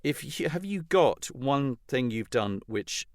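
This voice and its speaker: A man's voice: mid-range voice, animated, slow pace, dry recording, studio quality. A middle-aged man hosting an interview, asking questions hesitantly with plenty of fillers. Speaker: podcast host. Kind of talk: conversational interview.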